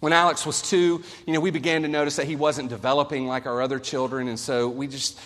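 A man in his forties preaching a sermon as a pastor, earnest and storytelling, swinging between loud and soft. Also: mid-range voice, level tone, quick pace. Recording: long hall reverb.

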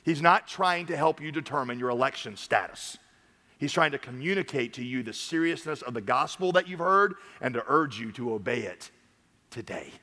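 A man preaching a sermon from a church stage, swinging between loud urging and quiet earnest talk. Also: medium pitch, expressive, normal speed, in a large hall. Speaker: pastor.

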